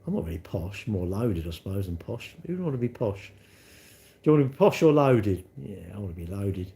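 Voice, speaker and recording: Chatty bloke rambling. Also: male voice, lowish voice, big pitch swings, brisk, mellow. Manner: rambling, chatty, cheeky banter with lots of "mate". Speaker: livestream host. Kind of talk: casual chat answering live comments.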